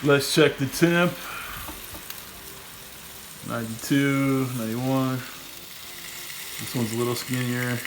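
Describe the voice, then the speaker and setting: A man's voice: mid-range voice, steady tone, takes it slowly, long pauses, background noise. A man hosting a casual cooking demo, easygoing and chatty, saying "all right" often while he grills. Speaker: cooking channel host. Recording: roomy echo.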